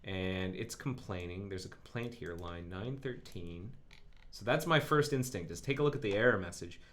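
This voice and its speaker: A man's voice: low-pitched, expressive, moderate pace. A man hosting a live coding stream, thinking aloud as he works through code with frequent ums. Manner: musing and self-narrating, with frequent ums.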